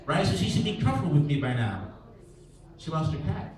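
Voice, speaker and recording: A man's voice: a little high, sing-song, fairly quick, a little mellow. Comic man at an open mic. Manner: conversational, acts out little scenes with shifting voices. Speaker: stand-up comedian. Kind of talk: stand-up set at an open mic. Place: small bar at an open mic night. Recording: echoey room, mic heard from a distance, crowd laughter.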